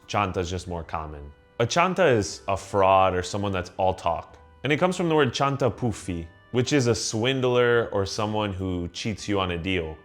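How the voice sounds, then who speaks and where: A man, narrating a scripted lesson on word origins in a clear, measured way. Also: fairly low pitch. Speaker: channel host explaining word origins.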